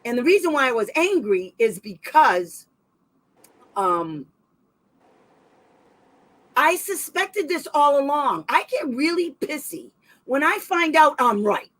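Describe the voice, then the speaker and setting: A woman hosting a special education advocacy livestream in casual talk, rambling and animated, with quick sarcastic asides. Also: high-pitched, poor audio.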